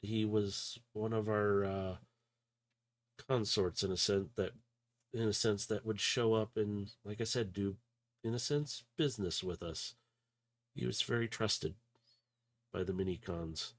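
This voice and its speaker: A man voicing a calm robot who explains things quietly, pausing to find words, in a tabletop game. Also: lowish voice, no echo. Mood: quiet, measured. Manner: quiet, measured, searching for words. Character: calm robot recalling a trusted ally.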